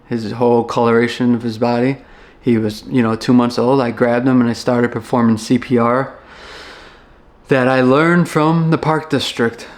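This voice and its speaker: A young man from Chicago, a former firefighter, telling a personal story in a halting, reflective way with many restarts. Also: mid-range voice.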